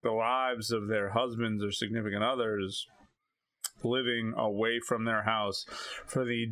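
A man from Maine co-hosting a podcast, talking in an opinionated, animated way with many restarts. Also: lowish voice, unhurried, dry recording. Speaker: podcast co-host. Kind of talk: casual chat.

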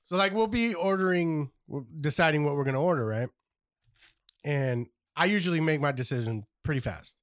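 A man in his thirties co-hosts a podcast, rambling through casual stories with plenty of swearing. His voice sits a little high, and the recording is dry and close. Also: expressive, moderate pace, a bit bright, no room sound. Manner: chatty, rambling, apologetic interjections. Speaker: podcast co-host. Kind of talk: casual profane chat.

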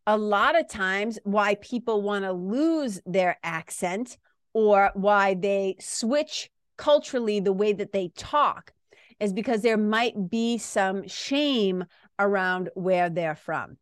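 A woman's voice: mid-range voice, animated, slow, clear, resonant tone, dry recording, clean studio sound. A woman from Massachusetts with a Boston accent, hosting a podcast in a candid, rambling casual monologue with some swearing. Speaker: podcast host.

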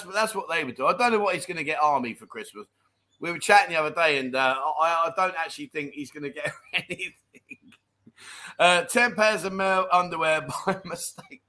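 A middle-aged man hosting a relaxed live-stream chat, reading viewer messages and laughing along. His voice sits a little high and sounds bright and forward, with an easy, jokey, matey way of talking. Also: a little fast. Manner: jokey, laughs often, calls people mate.

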